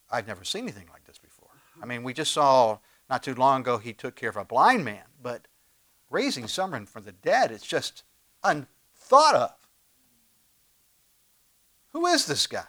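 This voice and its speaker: A man preaching a sermon as pastor, conversational and animated, with sudden swings between loud emphasis and quiet asides and frequent rhetorical questions. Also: mid-range voice. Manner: animated preaching with big swings in loudness and pace.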